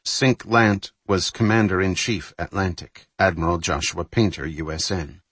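A man reading a thriller novel aloud in measured, scripted audiobook narration. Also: sits low, fairly even intonation, a bit bright, slightly rough, no echo.

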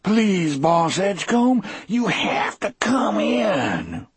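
A man voicing a huge, gentle, sorrowful condemned man who speaks in a soft, slow, pleading way. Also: fairly low pitch, big pitch swings, breathy edge, no room sound.

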